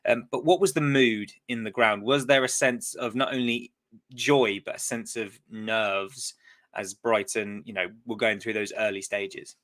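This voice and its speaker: A man's voice: on the low side, fairly even intonation, a little slow, a bit bright. Man hosting a podcast, asking questions. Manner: steers the talk with questions. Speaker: podcast host. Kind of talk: casual chat.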